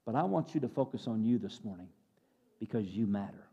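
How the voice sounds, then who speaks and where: A man preaching a sermon, switching between loud exclamations and hushed moments and repeating words as he builds up. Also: fairly low pitch, animated, a little fast, husky, dull audio. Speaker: pastor.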